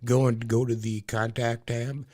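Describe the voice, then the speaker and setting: A man co-hosting a talk show, laid-back and low-key, giving short remarks and directions to the audience. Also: flat delivery, a little slow, mellow. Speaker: co-host.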